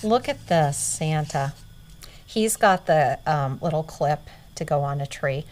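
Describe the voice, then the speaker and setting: A middle-aged woman reselling vintage goods, chatting casually to her viewers and often dropping into an excited hushed near-whisper. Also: sits low, measured pace. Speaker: vintage reseller showing inventory. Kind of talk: casual vlog chat.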